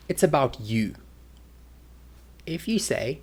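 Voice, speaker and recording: A man's voice: fairly high pitch, very animated, slow, long pauses. A man teaching an English lesson, demonstrating intonation with exaggerated examples.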